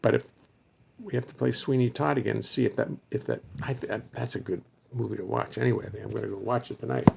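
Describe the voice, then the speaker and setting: Gravelly, hoarse man rambling on a livestream. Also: medium pitch, fairly even intonation, fast, darkish tone, a little hiss or hum. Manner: chatty, wandering, thinks aloud and greets viewers by name. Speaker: musician hosting a livestream for fans. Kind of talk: rambling casual livestream chat.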